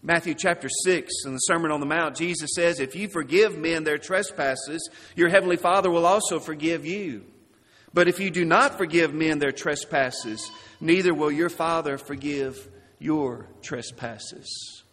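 A man preaching a sermon, slow and deliberate, dropping his voice low and soft on key words. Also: in a large hall.

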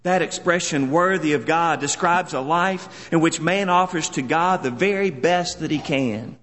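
A man preaching a sermon in an earnest, measured way, leaning on words for solemn emphasis. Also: on the high side, fairly bright tone, big-room sound, a little hiss or hum.

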